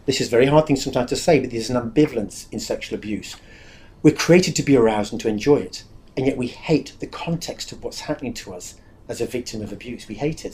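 A man's voice: mid-range voice, a little mellow. A man giving a candid, confessional spoken testimony about his own life, speaking earnestly and acting out remembered dialogue.

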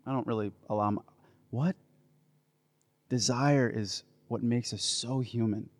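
A man giving a faith talk to a live audience, playful and building to loud, enthusiastic bursts. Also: medium pitch, steady tone, a little slow, no room sound. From United States. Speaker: Catholic speaker.

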